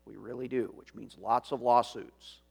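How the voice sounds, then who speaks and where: A male pastor delivering a sermon in a measured, reflective way. His voice sits at an ordinary middle pitch. He poses rhetorical questions and drops dry, self-aware asides. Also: steady tone, gravelly, breathy edge.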